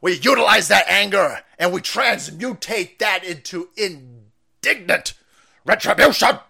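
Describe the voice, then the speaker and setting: A man impersonating a lofty woman politician speechifying, each word slow and drawn out. The voice is pushed loud and high. It is a mocking stream bit. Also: lively intonation, vocal fry, breathy edge, heavily acted. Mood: grandiose.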